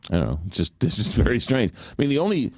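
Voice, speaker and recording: A male radio host chats loosely and rambles, stopping often to search for a name. His pitch swings freely as he talks. The sound is dry and close, straight from a studio mic. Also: big pitch swings, quick pace, a little mellow, no echo. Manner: rambling, searches for words with many fillers. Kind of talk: casual radio banter.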